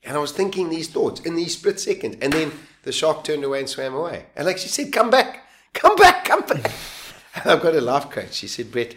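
Man, 50s, animated storytelling, acts out quotes. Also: mid-range voice. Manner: vivid, acts out his own lines and voices, laughs while telling. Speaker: guest.

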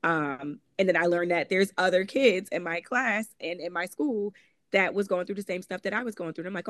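In a dry, studio-quality recording, a woman from Connecticut speaks a little fast in a low-ish, somewhat bright voice with a Connecticut accent. As a guest author in an interview, she recounts her personal story candidly and conversationally, peppering it with "um" and "like" while mimicking what others said.

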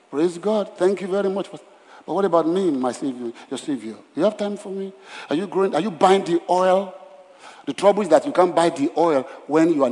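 Emphatic preaching pastor in a reverberant hall. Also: male voice, a little high. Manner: emphatic, swings between loud and hushed. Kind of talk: sermon.

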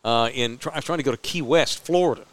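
A man co-hosting a podcast in casual chat, animated and laughing often as he tells stories. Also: medium pitch, fast talker, dry recording. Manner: animated, laughs often, acts out other people. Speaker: podcast co-host.

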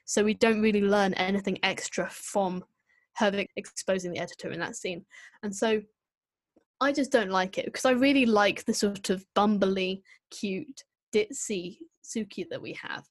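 A woman co-hosting a casual podcast, giving an opinionated, animated critique with quick asides. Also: mid-range voice, dry recording. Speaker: podcast co-host reviewing an episode. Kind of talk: casual chat.

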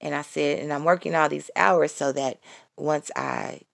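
A woman giving a casual devotional talk to her viewers, excited and repeating her phrases as she calls out to them. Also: deep voice, normal speed, creaky, dry recording, clean studio sound. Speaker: Christian vlogger giving testimony.

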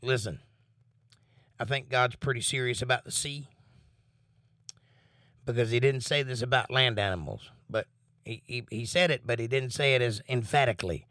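Guy teaching bible study, reads verses slow n emphatic, blunt side comments, dry close sound. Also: mid-range voice, fairly bright tone, dry recording. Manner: emphatic, slow deliberate reading with blunt asides. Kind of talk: reading scripture aloud with commentary.

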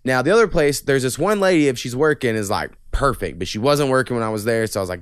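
A man's voice: medium pitch, lively intonation, fast talker, smooth, no room sound, clean studio sound. A young man hosting a podcast, rambling through stories with lots of swearing. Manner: profane, rambling storytelling. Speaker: podcast host. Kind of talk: casual podcast chat.

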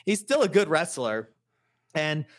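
A man's voice: on the high side, sing-song, takes it slowly. A man co-hosting a podcast who gives his fight picks in a blunt, opinionated, dismissive way. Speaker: podcast co-host. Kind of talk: casual podcast chat about fight picks.

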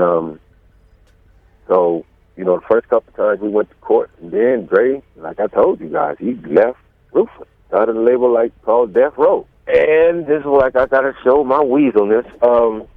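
A man's voice: medium pitch, moderate pace, dry recording. A man telling a long story as a guest, rambling with many fillers and restarts and acting out quotes, over a tinny phone-like line. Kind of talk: storytelling in an interview.

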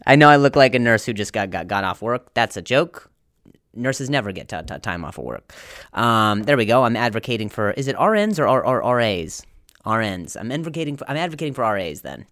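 A man's voice: medium pitch, sing-song, fairly quick, fairly bright tone, no room sound. Young guy riffing on his podcast, voice jumps all over, dry close sound. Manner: rambling, self-interrupting, laughs at own jokes. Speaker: podcast host. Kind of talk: comedic storytelling monologue.

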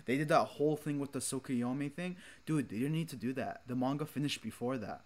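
A man's voice: medium pitch, a little fast, darkish tone. Opinionated young man ranting casually. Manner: opinionated, laughs often, swears. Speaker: podcast co-host. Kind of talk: casual chat.

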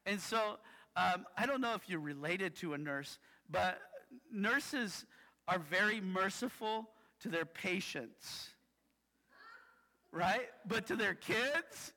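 A male pastor with a high, bright, forward voice, preaching in a casual, chatty way. He keeps tagging lines with "right?" as he tells his stories. His voice carries with a long echo through a large hall. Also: expressive, slow pace, long pauses. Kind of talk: sermon with personal stories. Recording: reverberant hall.

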